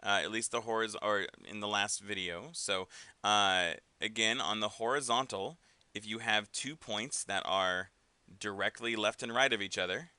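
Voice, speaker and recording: A math teacher gives a casual algebra lesson in a recorded class, full of fillers and constantly checking in with "right?" and "okay?". He speaks at a moderate pace in a fairly low, sharp voice, and the sound is clean with no room sound.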